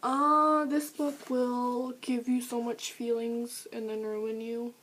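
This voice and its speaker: A woman's voice: a little high, flat delivery, slow pace, a bit bright, poor audio. Gushing teenage girl reviewing books. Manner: gushing, chatty, many fillers. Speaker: book vlogger. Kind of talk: casual book review vlog.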